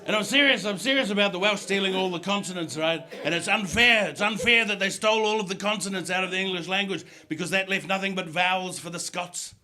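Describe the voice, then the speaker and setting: On a comedy club stage, a New Zealand stand-up comedian tells stories and does impressions to build toward punchlines. His voice is high-pitched and fast with few pauses, and the live recording catches a loud crowd laughing.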